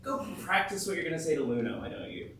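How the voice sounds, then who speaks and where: An actor playing a skeptical, good-natured young man camper in a stage play, dismissive and quick to laugh, sometimes stammering. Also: a little high, animated, a bit bright. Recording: roomy stage sound from a distant mic.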